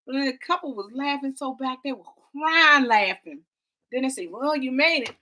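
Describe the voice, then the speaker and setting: Female vlog co-host, dramatic storyteller, bright tone. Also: sits high, normal speed. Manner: animated, dramatic storytelling with y'all and quoted voices. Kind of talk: casual travel storytelling.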